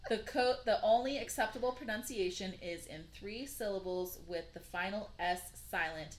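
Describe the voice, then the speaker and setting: A woman's voice: medium pitch, moderate pace, slight background noise. A woman co-hosting a casual podcast, reading odd laws aloud and chatting about them with laughing asides. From Nevada. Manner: reads quotes then riffs with laughing asides. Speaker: podcast co-host.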